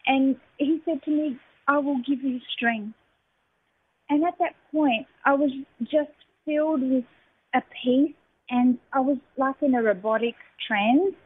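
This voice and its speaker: A woman, a radio guest giving an emotional personal testimony, halting and full of fillers. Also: high-pitched, breathy edge. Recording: phone-line audio.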